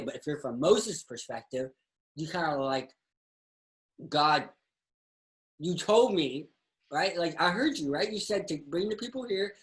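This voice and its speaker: Animated man telling a faith story. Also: mid-range voice, poor audio. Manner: animated storyteller who acts out dialogue. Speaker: guest, pastor and singer. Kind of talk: personal faith story, conversational.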